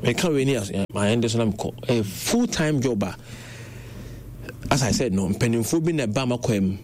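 A man's voice: mid-range voice, fairly quick. A young Ghanaian man with a Ghanaian accent, telling stories in a casual conversation and mixing Twi with English. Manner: animated, switching between Twi and English. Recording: faint background noise.

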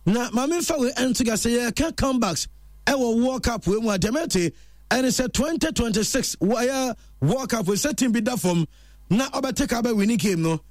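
A man presenting a chatty football news roundup in an animated storytelling way. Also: extremely high pitch, moderate pace, no room sound, clean studio sound.

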